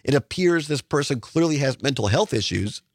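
A man's voice: medium pitch, animated, normal speed, husky, no echo. A man hosting a talk radio show from a studio mic, reading news quotes and then pressing his own views with emphatic questions.

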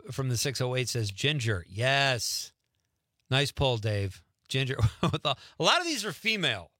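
A man's voice: medium pitch, sharp tone, no echo, clean studio sound. A man hosting a radio show in casual chat, talking loosely and laughing easily. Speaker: radio host.

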